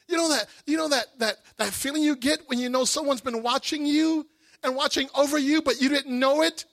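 A male preacher giving an emotional, animated sermon testimony that rises to shouts. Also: extremely high pitch, a little fast, no echo, clean studio sound.

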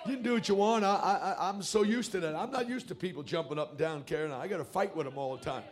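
A man, a pastor preaching a fiery revival sermon in a church, shouting and calling out hallelujah. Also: sits high, fast talker. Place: church sanctuary.

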